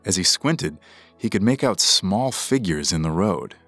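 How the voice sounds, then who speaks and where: A man narrating a scripted true story for a podcast in a measured, dramatic way. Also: deep voice, lively intonation, fairly bright tone, breathy edge, no echo, faint music behind.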